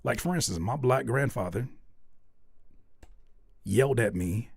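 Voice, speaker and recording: A man hosting a music feedback stream in casual chat, jokey and repetitive, switching between loud outbursts and low mutters. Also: a little slow, gravelly, slight background noise. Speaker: host reviewing music submissions.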